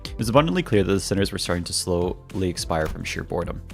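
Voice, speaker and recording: A man's voice: deep voice, animated, fast talker, vocal fry, soft background music. A young man streaming a game, reading its dialogue aloud in playful voices and joking with his chat.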